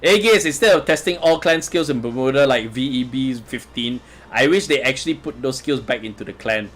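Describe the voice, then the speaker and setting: A man's voice: medium pitch, brisk, a bit bright, faint music behind. A man hosting a casual live stream, answering viewer comments in a chatty way and chuckling often. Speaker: livestream host reading chat.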